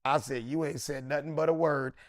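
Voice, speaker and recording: A middle-aged man, a comedian, telling a story with excitable swings into loud, high bursts. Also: fairly quick, no room sound, clean studio sound. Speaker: comedian guest. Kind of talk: animated storytelling.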